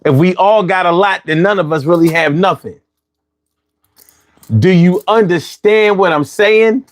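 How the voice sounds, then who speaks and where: A man's voice: high-pitched, unhurried. A man hosting a casual livestream, chatting loosely, reading chat and repeating his phrases.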